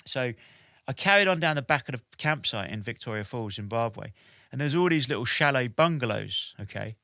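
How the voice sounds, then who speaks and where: A man in his forties, a guest on a podcast, recounts an anecdote with animated energy. His voice is bright and forceful at a middle pitch, and he leans on "like" and "basically" as he goes. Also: normal speed, creaky, no room sound, studio quality. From United Kingdom. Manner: animated, with many "like" and "basically" fillers. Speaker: podcast guest, military veteran. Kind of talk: lively anecdote-telling.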